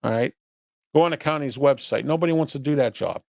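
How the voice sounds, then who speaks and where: A man's voice: medium pitch, fast talker, gravelly, a little mellow, dry recording, studio quality. Blunt, scolding male commentary host. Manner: blunt, scolding, rhetorical questions; rambling with restarts and repeated "okay?". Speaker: host of a local commentary show. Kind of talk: opinion commentary, reading viewer chat.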